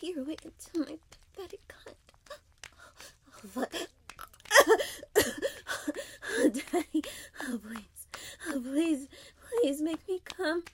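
Young woman breathy whispered role-play, high voice, slow drawn-out delivery. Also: animated, a bit bright, slight background noise. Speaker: audio role-play performer.

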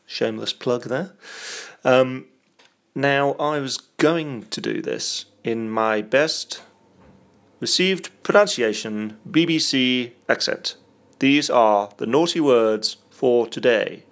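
A man's voice: medium pitch, slow, a bit bright. A young man reading a word list for a challenge, drawing words out, some of them half-whispered. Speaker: vlogger.

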